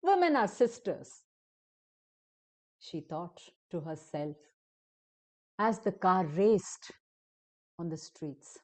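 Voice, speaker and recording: A woman storyteller narrating a story for adults in a deliberate, expressive way. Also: mid-range voice.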